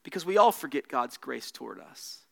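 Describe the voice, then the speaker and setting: A man preaching a sermon, earnest, rising in emphasis and dropping soft at the close of points. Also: medium pitch, big pitch swings, moderate pace, creaky. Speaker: pastor.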